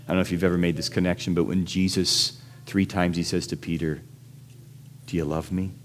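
A man's voice: fast, slight background noise. A man preaching a sermon in a conversational way, asking his listeners questions and acting out the people in his stories. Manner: animated storytelling, acts out quoted voices with big pitch jumps; conversational, asks the audience questions. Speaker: pastor.

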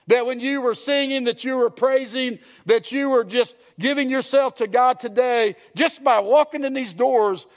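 A man's voice: extremely high pitch, normal speed, few pauses. A man, a pastor preaching a sermon to his congregation, earnest and repetitive, asking the room questions. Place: church sanctuary.

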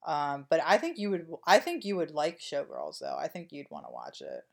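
Podcast co-host, female, deep register, dry and meandering. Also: wildly swooping pitch, normal speed, creaky. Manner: rambling, wry, lots of fillers. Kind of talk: casual chat.

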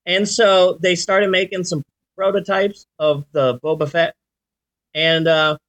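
A man in his forties hosting a podcast, chatting casually and telling stories in an animated way. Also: sits high, unhurried. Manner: animated storyteller, does sound effects. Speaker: podcast host. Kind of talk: casual chat.

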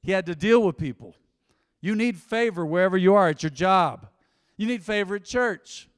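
A man preaching from the pulpit with a notably high voice, animated in storytelling and dropping from loud to soft. His words ring out with a long reverb in the church hall. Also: normal speed, smooth. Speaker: pastor. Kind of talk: sermon.

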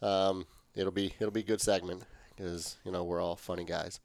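A man's voice: deep voice, little pitch movement, moderate pace, creaky, darkish tone. A man hosting a casual sports podcast, trading easygoing, joking banter with his brother. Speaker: podcast host.

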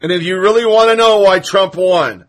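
A man's voice: high-pitched, moderate pace, a bit bright. A man hosting a political commentary podcast, reading quotes aloud with sarcastic, indignant asides. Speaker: podcast host.

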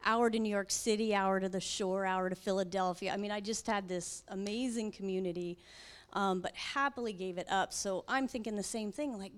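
A woman tells her personal testimony to a church audience. She talks in an animated storytelling way, acting out her own prayers and other people's remarks. She is candid and pokes fun at herself in quick asides. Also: mid-range voice. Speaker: guest speaker giving her testimony.

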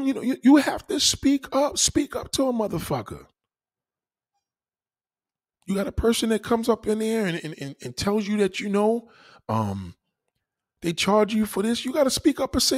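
Husky New York man ranting. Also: sits high, very animated, brisk. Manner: heated, swearing, preachy. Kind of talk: profane rant to camera.

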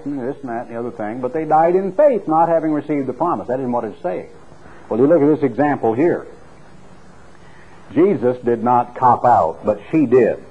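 A middle-aged man preaching a sermon with an earnest, storytelling delivery that climbs in pitch when he stresses a point. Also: husky. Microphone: clip-on microphone. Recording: tinny phone-like radio recording.

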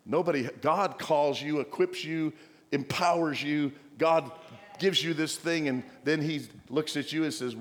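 A man's voice: on the high side, unhurried, in a large hall. A male pastor preaching a sermon, exhorting the church with playful asides and mock voices of the congregation.

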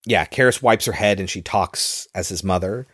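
Man, low voice, casual film recap host, dry close sound. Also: moderate pace, fairly bright tone, husky, no room sound. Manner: loose storytelling with fillers.

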